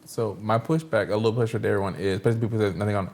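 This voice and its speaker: A low-voiced man chatting quickly as a guest on a panel. He talks with eager enthusiasm, rushing through his points. The chat is loose and conversational. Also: fairly even intonation, a little mellow. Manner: fast, enthusiastic, talking it out.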